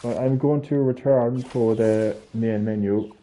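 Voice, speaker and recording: A man's voice: medium pitch, fairly even intonation, unhurried, dark tone. A man streaming a video game, chatting casually, ranting and swearing in a mock-outraged way. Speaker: gaming streamer. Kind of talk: casual live-stream chat. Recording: game music faint behind.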